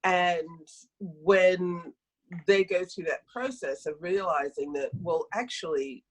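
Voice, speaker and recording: A middle-aged woman with a husky, breathy tone speaks as a practitioner guest on a podcast. She tells anecdotes from her work, restarting phrases and moving along with animated energy. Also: fairly low pitch, slow pace, rough recording. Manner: storytelling, animated, self-correcting. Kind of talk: conversational podcast talk.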